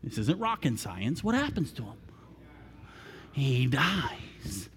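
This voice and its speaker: A man preaching a sermon, retelling a story theatrically and swinging between shouts and whispers. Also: mid-range voice, very animated, takes it slowly, slight background noise. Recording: long reverb of a large room.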